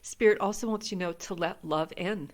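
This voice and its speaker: Woman, 50s, lowish voice, gentle spiritual tarot reader, earnest and emotional. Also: brisk. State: welling up with tears. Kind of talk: casual tarot reading to camera.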